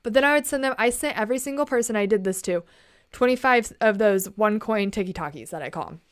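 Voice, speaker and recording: A woman's voice: mid-range voice, lively intonation, quick pace. A young woman vlogging in a casual late-night chat, telling a story in a chatty, indignant, slangy way and keeping her voice down. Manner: keeps her voice down.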